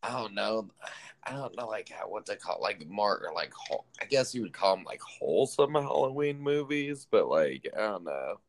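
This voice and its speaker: A man's voice: fairly low pitch, very animated, normal speed, creaky, slight background noise. A man co-hosting a casual chat, rambling with lots of fillers and swearing. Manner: rambling, full of "like" and swearing, laughs often.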